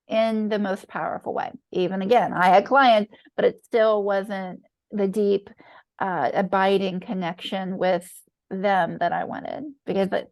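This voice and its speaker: Gravelly middle-aged woman coaching online. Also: medium pitch, a little mellow, dry recording, studio quality. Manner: earnest, affirming, frequent "right?" check-ins. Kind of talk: online master class.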